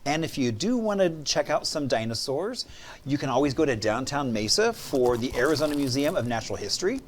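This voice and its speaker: A man's voice: medium pitch, sing-song, a little fast, a little hiss or hum. A man co-hosting a morning show, chatting playfully and laughing often. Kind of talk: casual chat. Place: TV studio.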